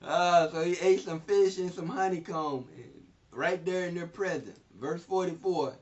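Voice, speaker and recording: A man with a high-pitched voice teaches through a scripture passage in a loose, informal way. He laughs often and retells each verse in plain everyday speech. The recording is distant, dull and lo-fi. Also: measured pace. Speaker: Bible teacher. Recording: distant mic, dull lo-fi sound.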